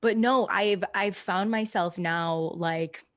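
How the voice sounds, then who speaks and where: A woman's voice: mid-range voice, takes it slowly, no echo, studio quality. A woman in casual podcast conversation, frank and loose, with occasional swearing.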